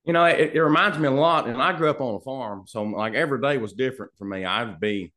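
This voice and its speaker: A man's voice: medium pitch, fast, bright, forceful tone, slight background noise. A young man from Kentucky with a thick Southern drawl, an easygoing, polite country singer-songwriter chatting in an interview from his home studio. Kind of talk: casual interview chat.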